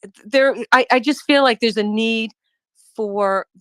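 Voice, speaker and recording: A woman talking as a guest in a casual online chat, reflective and halting, often restarting her phrases. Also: on the high side, no room sound.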